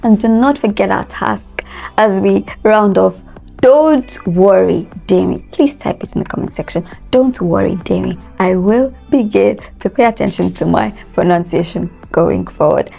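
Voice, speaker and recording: Slow, deliberate woman coaching pronunciation. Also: medium pitch, gravelly, dark tone, faint music behind. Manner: slow, deliberate, repeats words for drill. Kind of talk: pronunciation lesson.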